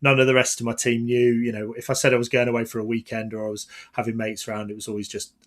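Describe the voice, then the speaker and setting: A male podcast host in easygoing chat, spinning long stories that meander through fillers and self-corrections. His voice sits at an ordinary middle pitch. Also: completely flat delivery, quick pace, fairly bright tone. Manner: rambling anecdotal storytelling with many fillers.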